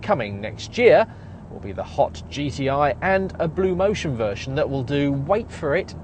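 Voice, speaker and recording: A man's voice: fairly high pitch, big pitch swings, moderate pace, darkish tone. Chatty man reviewing a car. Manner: chatty, enthusiastic, wry asides. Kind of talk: presenting a car review to camera. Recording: audible road and traffic noise behind.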